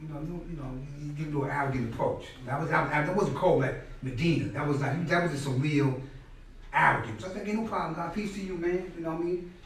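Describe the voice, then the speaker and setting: A middle-aged man telling stories at a class in a casual, animated way, often acting out what others said and repeating words. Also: fairly high pitch, fast, slight background noise. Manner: animated, acts out quoted people loudly, repeats words. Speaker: guest speaker at a class. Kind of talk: conversational storytelling lecture. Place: indoor classroom space. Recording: very echoey room, mic far off.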